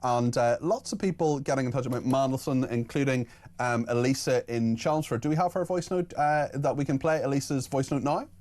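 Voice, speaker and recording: A man hosting a radio phone-in, briskly reading out listener messages and talking with callers. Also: medium pitch, darkish tone. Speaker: radio host.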